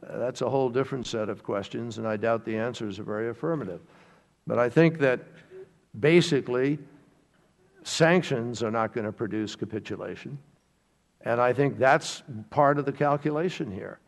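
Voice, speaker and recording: A man gives formal testimony at a committee hearing. He speaks in a measured way, pausing on fillers and repeating words as he looks for the next phrase. The big hearing room puts a long reverb on his voice. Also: mid-range voice, vocal fry. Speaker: government official answering questions at a hearing.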